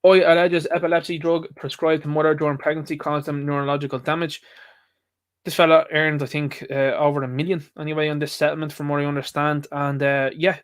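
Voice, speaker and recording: An Irish man hosting a solo commentary show, rambling and opinionated as he reads out headlines and riffs on them. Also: a little high. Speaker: show host.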